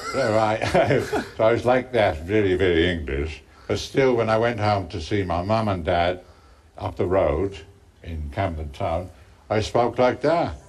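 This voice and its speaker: A man's voice: on the low side, animated, measured pace. A man from Ireland, a talk show guest telling a playful, amused anecdote in an archive television clip with faint noise. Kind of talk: chatty anecdote.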